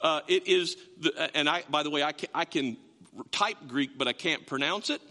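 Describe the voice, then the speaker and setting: A man's voice: fairly high pitch, moderate pace, pushed and bright, big-room sound. A man preaching a sermon as pastor, in a conversational way, repeating words and asking the congregation questions, in a church sanctuary.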